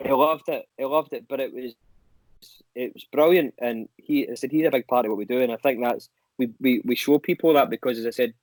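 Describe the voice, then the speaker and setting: A young man, a guest musician, telling animated anecdotes in casual chat and swearing casually. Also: medium pitch, fairly quick, dry recording, rough recording.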